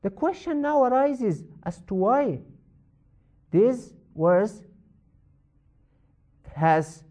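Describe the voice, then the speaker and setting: A man teaching a lecture that explains a Quran verse, in a measured way that repeats each point for emphasis. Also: high-pitched, sing-song, mellow. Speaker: religious teacher.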